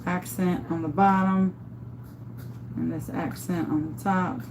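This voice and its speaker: A woman with a fairly low voice and steady tone talks slowly while demonstrating how to make an epoxy tumbler. She keeps things casual and chatty, thinking aloud and often enthusing about the work, against a noisy background.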